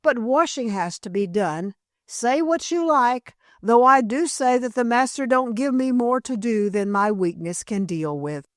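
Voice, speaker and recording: A woman voicing a voluble, plump, good-natured older housekeeper who chatters in a raised, excitable voice. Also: on the high side, a little slow, no echo, studio quality, natural voice. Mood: chattering.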